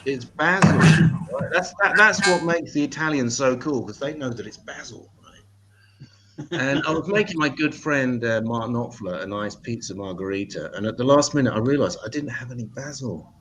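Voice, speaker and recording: Guy doing deadpan stand-up as the open mic host, sweary asides, faint hiss behind. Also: mid-range voice, moderate pace. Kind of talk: stand-up comedy set. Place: home in Italy.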